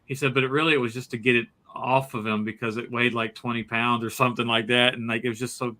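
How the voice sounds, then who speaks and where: A man co-hosts a relaxed movie podcast and spins behind-the-scenes anecdotes. His voice is bright and forceful, and he keeps restarting phrases as the story tumbles out. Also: medium pitch, fast talker. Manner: animated storytelling with many restarts. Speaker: podcast co-host. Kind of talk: casual podcast chat.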